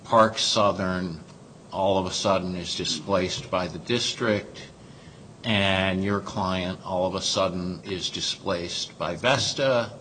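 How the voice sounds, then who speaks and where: Deep-voiced, probing male judge. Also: takes it slowly, a bit bright, a little hiss or hum, rough recording. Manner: probing, pointed questions. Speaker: appellate judge. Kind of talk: courtroom questioning.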